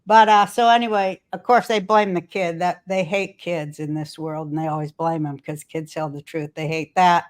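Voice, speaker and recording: A woman's voice: on the low side, steady tone, moderate pace. Older woman ranting in casual chat. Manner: rambling, profane, storytelling rant. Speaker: podcast host. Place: hotel room.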